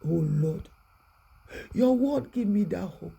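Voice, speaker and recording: Gravelly, hushed preacher. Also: medium pitch, expressive, slow, dull audio. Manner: hushed, repetitive, prayerful. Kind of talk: prayerful exhortation sermon.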